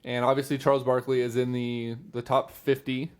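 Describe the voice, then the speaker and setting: A man's voice: medium pitch, level tone, normal speed, clear, resonant tone. A man co-hosting a sports talk podcast who reads news items aloud, then riffs casually and swears freely. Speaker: podcast co-host.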